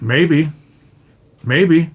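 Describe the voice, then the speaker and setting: A man's voice: a little high, very slow, husky. Swearing fifty-something man ranting on a livestream. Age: 50s. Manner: swears constantly, addresses viewers directly, repeats "you know?". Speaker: livestream host. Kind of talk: profane livestream rant to chat.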